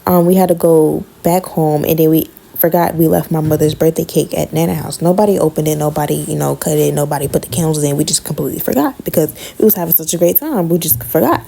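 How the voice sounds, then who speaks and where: A woman telling a personal story in a casual monologue, blunt, profane and animated. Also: deep voice, quick pace, gravelly, few pauses, slight background noise.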